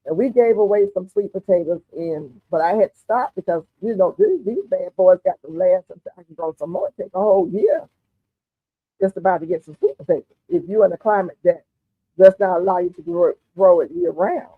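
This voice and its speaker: A woman's voice: lowish voice, big pitch swings, a little fast, husky, dry recording. A woman hosts a gardening livestream, chatting with viewers in a folksy way and calling them honey and darling. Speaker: gardening channel host. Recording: tinny phone-like audio, dry.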